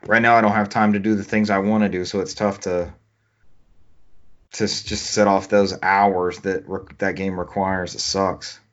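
A man in casual gaming chat, laid-back, mostly giving short reactions and gentle teasing. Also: low-pitched, little pitch movement, moderate pace. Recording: dull lo-fi sound.

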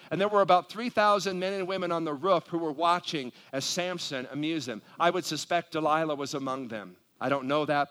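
Higher-voiced man preaching a sermon. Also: a bit bright, clean tone. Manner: reads scripture aloud, then pleads in prayer-like appeals to the congregation. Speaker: pastor. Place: church sanctuary.

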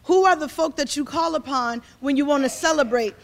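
A woman's voice: high voice, a little fast. A woman in her forties, a community organizer, speaking to an audience in a fervent, rambling way and repeating herself as she builds. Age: 40s. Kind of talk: impassioned speech to an audience.

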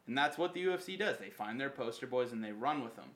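A man's voice: mid-range voice, lively intonation, fast talker, fairly bright tone. A man hosting a casual podcast chat, emphatic and opinionated, swearing freely. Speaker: podcast host.

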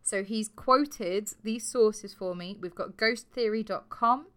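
A woman's voice: medium pitch, slow, a bit bright, clear, resonant tone. A woman co-hosting a podcast, telling a true crime story in a casual, sweary, jokey way. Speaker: podcast co-host.

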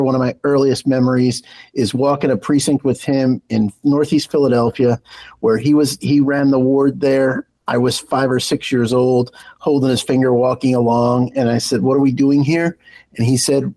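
A middle-aged man speaking as a guest on a radio talk show, with an average-pitched voice. He talks earnestly and at length, often restarting his sentences as he tells personal stories. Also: a little mellow, low-quality recording. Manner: earnest, halting with restarts, storytelling. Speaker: guest, political party executive director. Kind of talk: radio interview.

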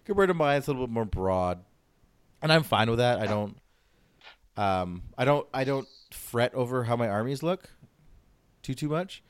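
A man's voice: mid-range voice, lively intonation, normal speed, long pauses, smooth. A man chatting casually as a podcast co-host, rambling and swearing freely. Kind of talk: casual chat.

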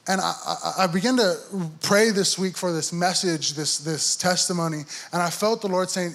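Young male preacher, sermon testimony, earnest storyteller, voice on the higher side. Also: moderate pace, gravelly, few pauses, fairly bright tone. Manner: earnest storytelling, acts out inner dialogue. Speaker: church speaker giving a testimony.

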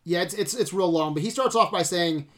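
A man's voice: high-pitched, a little fast. A man chatting casually about horror films on a podcast, enthusiastic, swearing and laughing often. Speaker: podcast co-host.

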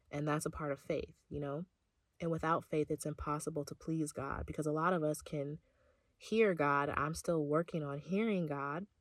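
A woman's voice: low-pitched, no room sound. Earnest woman sharing her faith. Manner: earnest and heartfelt, with soft laughs. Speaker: faith podcast host. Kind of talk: personal devotional talk.

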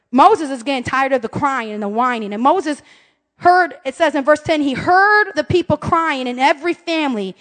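A woman pastor preaching a humorous, conversational sermon, acting out scripture voices and her family's quarrels. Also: high-pitched. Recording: long reverb of a church hall.

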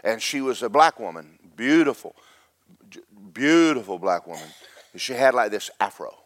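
A middle-aged man preaching a sermon, telling a story in loud bursts that drop to hushed asides. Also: medium pitch, sing-song, normal speed, no room sound, clean studio sound. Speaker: pastor.

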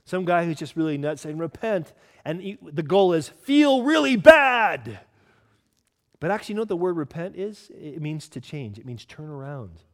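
A man preaching a sermon as pastor, earnest and teaching, asking the congregation questions and slowing down to stress scripture. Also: a little high, lively intonation, darkish tone. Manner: stresses key words, slows down for scripture.

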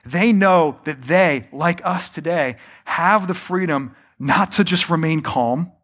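A man preaching a sermon, often slowing down to stress his points and calling the listeners friends. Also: sits high. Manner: varies pace and loudness, slows for emphasis. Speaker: pastor.

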